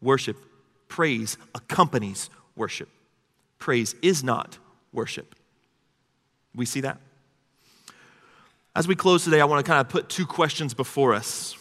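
A male preacher delivering a sermon in a conversational, easygoing way, with asides to his listeners. His voice is mid-pitched, bright and forceful. A long hall reverb trails behind every word. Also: lively intonation, unhurried, long pauses.

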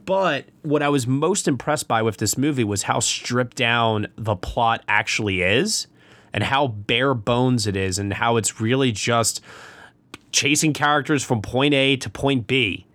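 A man's voice: medium pitch, expressive, measured pace, fairly bright tone, no room sound. A man hosting a podcast, chatting casually and gushing with enthusiasm about a film. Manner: enthusiastic, gushing, repeats himself. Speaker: podcast host. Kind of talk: casual film review chat.

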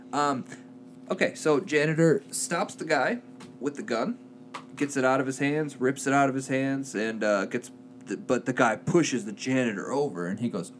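Animated man retelling a movie plot. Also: mid-range voice, a little hiss or hum. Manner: animated storyteller, acts out quotes in quick put-on voices, laughs often. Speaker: podcast co-host.

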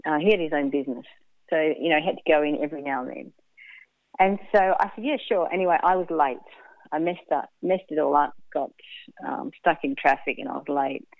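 A woman's voice: deep voice, a little fast, no echo. A woman guest telling a personal story in a radio interview, candid and laughing often, acting out what people said. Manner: candid, laughs often, acts out quoted speech. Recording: tinny phone-like line, dry.

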